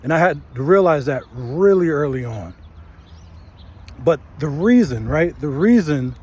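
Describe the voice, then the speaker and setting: A man's voice: on the high side, expressive, unhurried, darkish tone, breathy edge. A man in his thirties hosting a faith channel, giving a casual motivational talk and often tagging his lines with "right?". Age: 30s.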